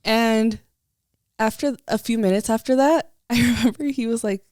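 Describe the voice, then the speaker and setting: A young woman co-hosting a podcast, telling a story in a chatty casual way, full of "like" and quick laughs. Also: fairly high pitch, a little mellow, dry recording, clean studio sound. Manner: chatty, lots of likes, laughs as she tells a story. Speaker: podcast co-host.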